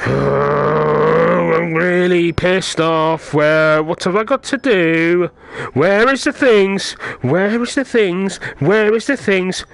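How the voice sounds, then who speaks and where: A man, playing a VR game and muttering frustrated, swear-filled commentary that breaks into yelling. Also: sits high, lively intonation, takes it slowly, no echo. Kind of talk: let's play commentary.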